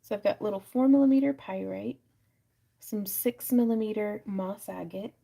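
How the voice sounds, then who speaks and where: A woman's voice: medium pitch, normal speed, gravelly, mellow. A woman hosting a crafting livestream from her craft room, chatting casually and thinking aloud with lots of fillers as she works. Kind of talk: casual chat while crafting.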